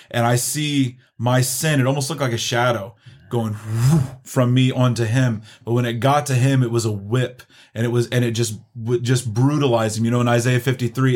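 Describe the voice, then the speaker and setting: A middle-aged man giving an earnest, halting personal testimony, full of restarts. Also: medium pitch. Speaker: guest sharing testimony.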